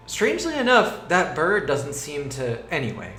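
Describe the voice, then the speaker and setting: Goofy, animated game master man. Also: mid-range voice, normal speed, few pauses, reverberant, a little hiss or hum. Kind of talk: narrating a tabletop game.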